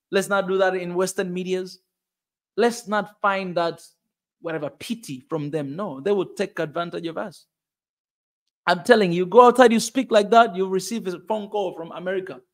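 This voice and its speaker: A man's voice: high-pitched, steady tone, normal speed. A man with a Tanzanian accent giving a passionate, emphatic opinion monologue as a channel host. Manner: passionate and emphatic, repeats points.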